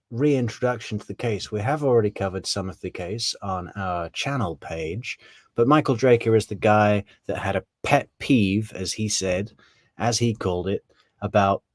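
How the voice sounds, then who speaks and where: A man's voice: lowish voice, no echo. A man giving casual, rambling commentary on a true crime case, often correcting himself on names.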